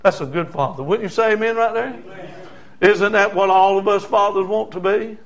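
A man's voice: high voice, normal speed. A middle-aged man preaching a fervent sermon and calling the congregation for amens. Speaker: pastor.

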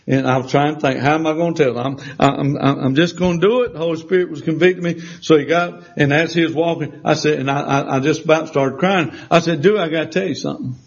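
A male preacher tells a personal testimony in a folksy, meandering way. He stumbles into restarts and acts out the other people's voices, and his voice sits fairly high. The recording sounds dull and lo-fi.

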